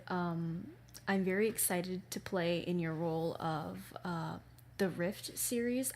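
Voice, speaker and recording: A woman voice actor recording a casual audition message, polite and hesitant with many pauses and fillers. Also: lowish voice, a little mellow, slight background noise.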